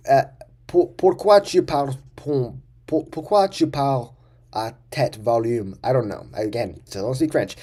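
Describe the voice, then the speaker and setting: A man's voice: medium pitch, dark tone, breathy edge. A young man telling a rambling, profane story casually to camera as a vlogger.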